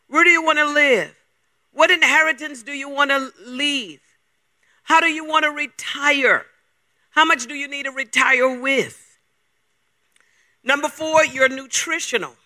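Male preacher with a very high, bright, forceful voice and an emphatic question-heavy delivery. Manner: emphatic, fires rapid rhetorical questions. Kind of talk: sermon.

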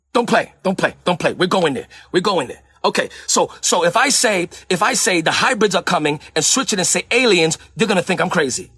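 Preacher, male, from Puerto Rico: emphatic, repeats himself, raspy edge, dry close sound. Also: sits high, bright, forceful tone, dry recording. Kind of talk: sermon-style teaching.

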